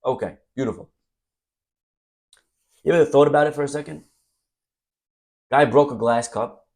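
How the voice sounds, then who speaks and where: A man's voice: medium pitch, normal speed, long pauses. A man teaching as a rabbi, delivering a sermon full of acted-out stories and sudden bursts of energy. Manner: animated storytelling, acts out scenes. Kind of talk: Torah class sermon.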